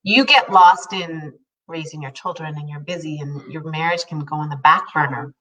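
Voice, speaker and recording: A deep-voiced woman in her fifties speaks at a moderate pace, far from the mic on poor audio. As co-host of a casual chat, she tells animated stories, laughing frequently and acting out what people said.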